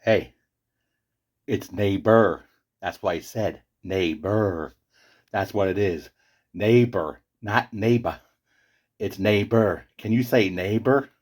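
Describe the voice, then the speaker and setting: A man's voice: on the low side, slow pace. A man voicing a fussy, pedantic male character who keeps correcting others in a comedy skit. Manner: correcting, know-it-all.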